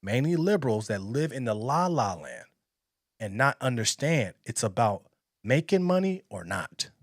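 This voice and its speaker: A man talking bluntly and emphatically as he reacts to a clip, rambling between points. His voice sits at an ordinary middle pitch. The sound is dry and close, with no room echo. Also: sing-song, normal speed. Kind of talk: casual opinion commentary.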